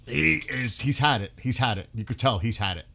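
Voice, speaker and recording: Excitable man live-streaming reactions. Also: mid-range voice, fairly quick, gravelly, slight background noise. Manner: excitable, swearing, exclaims in disbelief.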